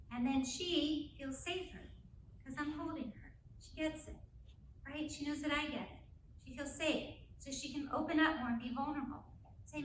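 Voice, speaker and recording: Bright, high-voiced woman speaking in an echoey hall. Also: moderate pace, slight background noise. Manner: energetic, keeps checking in with "right?". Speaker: parenting speaker. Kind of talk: live talk to an audience. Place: school auditorium. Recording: echoey room, mic from a distance.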